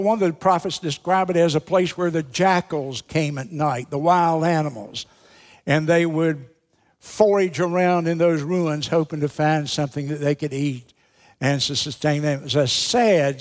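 Slightly high-voiced man preaching in a hall. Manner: conversational preaching with rhetorical questions. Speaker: pastor. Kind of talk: sermon.

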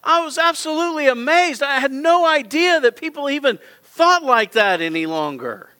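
A man's voice: very high-pitched, big pitch swings, normal speed, pushed and bright. A middle-aged male pastor preaching a sermon in a church auditorium, with impassioned, repetitive appeals straight to his congregation.

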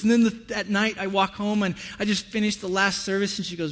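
A man preaching a sermon as pastor, telling stories in an animated way and acting out what people say. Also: sits high, fairly quick, hardly any pauses, big-room sound, slight background noise. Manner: animated storytelling, acts out voices.

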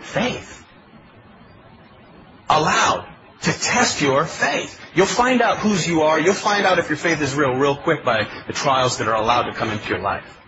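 A man's voice: fairly high pitch, fairly quick, highs cut off, background noise. A male pastor preaching a sermon in a pleading, emphatic way, asking his congregation questions. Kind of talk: expository sermon.

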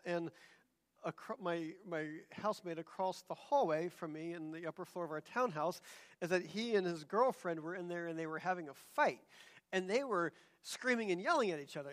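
Man, high-pitched voice, sermon, animated, acts out quoted voices. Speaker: pastor.

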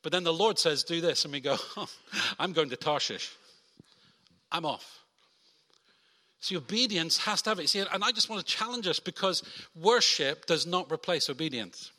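A man preaching a sermon from the front, animated and lively, acting out quoted voices. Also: fairly high pitch, fairly quick. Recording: long hall reverb.

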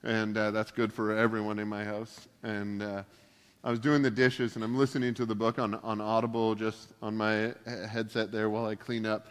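A man's voice: fairly low pitch, little pitch movement, normal speed, clear, resonant tone. A male pastor giving a casual sermon, full of joking, self-deprecating asides. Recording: long hall reverb.

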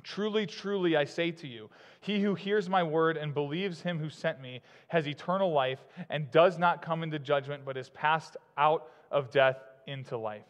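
A man preaching a sermon as pastor, in a conversational way with fillers and quick laughs. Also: fairly high pitch, lo-fi sound. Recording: long hall reverb.

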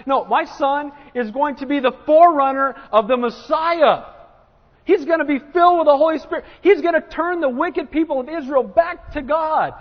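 A man preaching a sermon to a congregation, acting out quotes with lively bursts and asking "Amen?". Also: very high-pitched, fairly quick. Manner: animated, acts out quotes, asks congregation "Amen?". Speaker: pastor. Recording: dull sound with long hall reverb.

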